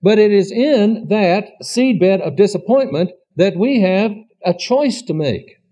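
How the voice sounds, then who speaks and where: A preacher delivers an earnest, plainspoken teaching in sermon style, posing rhetorical questions along the way. His voice is high and dark in tone, animated yet unhurried, and the recording is dull and lo-fi.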